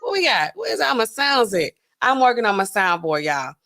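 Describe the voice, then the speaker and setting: A woman pharmacist hosting a casual livestream, chatting to viewers and acting out customers in quick asides. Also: fairly high pitch, wildly swooping pitch, pushed and bright.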